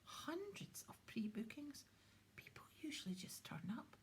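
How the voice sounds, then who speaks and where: A woman doing a gruff, nosy campsite keeper. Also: high-pitched, big pitch swings, measured pace, in a whisper, pitched above the performer's own voice, exaggerated voice. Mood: suspicious. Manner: blunt, nosy questions. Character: gruff, suspicious middle-aged male campsite keeper.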